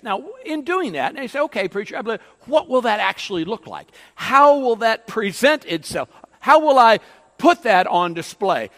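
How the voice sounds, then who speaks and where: Male pastor, sermon, emphatic up-and-down delivery, high voice, long hall echo. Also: a bit bright. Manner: emphatic, rising and falling preaching delivery with frequent fillers.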